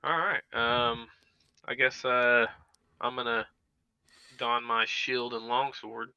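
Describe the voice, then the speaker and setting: A man's voice: medium pitch, level tone, slow pace, pushed and bright, smooth, no echo. A man playing a tabletop game, hesitant and unsure of the rules. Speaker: player. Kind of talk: casual tabletop play. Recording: dry, dull mic.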